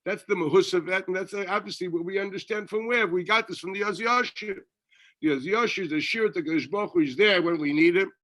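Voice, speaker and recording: Bright-voiced rabbi giving a lively class. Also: male voice, sits high, quick pace. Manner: conversational, asks and answers his own questions, mixes Hebrew and Yiddish terms. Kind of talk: Torah lecture.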